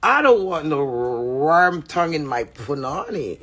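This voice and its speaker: A woman with a Jamaican accent ranting at a rival to camera, brash, profane and mocking, breaking into sudden loud cries. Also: low-pitched, sing-song, unhurried, few pauses, slight background noise. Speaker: entertainer addressing a rival. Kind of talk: rambling taunting rant to camera.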